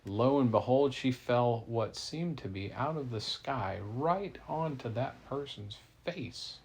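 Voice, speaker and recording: Man with a gravelly voice, playful rambling bedtime storyteller, middle pitch. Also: animated, slow pace, darkish tone, a little hiss or hum. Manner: playful, rambling, easily corrected. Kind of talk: improvised bedtime story to a child.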